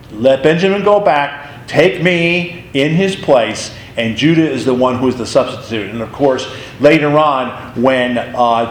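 Lively man teaching a Bible class. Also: mid-range voice, roomy sound, a little hiss or hum, rough recording. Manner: animated storytelling, acts out the figures' lines. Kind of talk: casual Bible class lecture.

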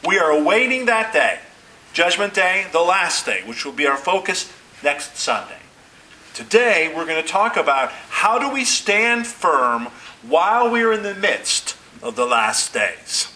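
Bright-voiced male pastor preaching. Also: fairly high pitch, big pitch swings, rough recording. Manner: deliberate preaching with emphatic pauses and rising stresses. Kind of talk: sermon. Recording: faint hiss.

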